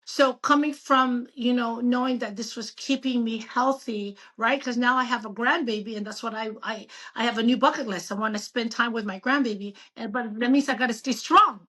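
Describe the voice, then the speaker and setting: Bright-voiced woman in her fifties. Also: fairly high pitch, moderate pace, few pauses. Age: 50s. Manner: animated, emphatic, storytelling. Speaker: doctor and guest. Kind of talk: casual interview chat.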